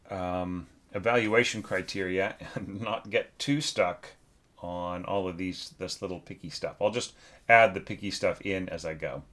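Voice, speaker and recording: A man with a low voice reviews a student's orchestration in a relaxed, casual way. He thinks aloud, stops and restarts, and sings little phrases to show the bowing. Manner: sings short phrases on nonsense syllables. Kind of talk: casual spoken critique.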